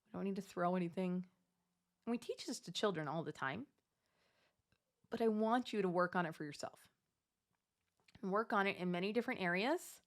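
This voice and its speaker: A woman in her thirties gives casual advice straight to her listeners. She talks at a middle pitch and gets animated, jumping high when she acts out the voice in her head. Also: moderate pace, long pauses. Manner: animated, acts out inner self-talk with big pitch jumps. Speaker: Catholic mom coach. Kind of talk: casual advice monologue to camera.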